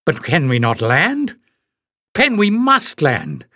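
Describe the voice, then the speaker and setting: A man's voice: on the high side, wildly swooping pitch, slow pace, bright, forceful tone, dry recording, studio quality, voice pushed up, heavily acted. A man voicing a proud, hot-headed young man who speaks in a raised, urgent way in an audiobook reading. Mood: pleading. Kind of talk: audiobook character voice.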